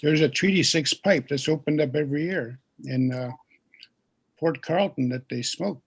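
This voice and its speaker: A man speaking as a guest speaker, telling stories in a gentle teaching way and having listeners repeat words after him. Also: a little high, normal speed, vocal fry, slightly rough. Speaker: guest speaker and pipe keeper. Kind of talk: storytelling teaching talk.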